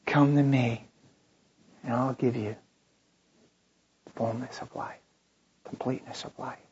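A preacher voicing Jesus in a soft, intimate, near-whispered husky tone. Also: male voice, medium pitch, takes it slowly, noisy background. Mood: tender. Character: gentle, tender Jesus speaking softly. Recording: dull lo-fi recording.

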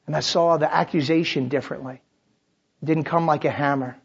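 Male pastor mid-sermon; husky, passionate, loud-to-hushed swings; dull lo-fi audio. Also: a little high, steady tone, brisk. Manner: passionate, swings between loud preaching and quiet prayer. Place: church service.

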